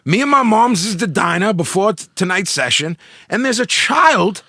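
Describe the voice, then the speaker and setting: A man's voice: high voice, big pitch swings, moderate pace, sharp tone, no echo, studio quality. A man hosting a podcast, brash and joking in casual, profane banter. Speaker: podcast host.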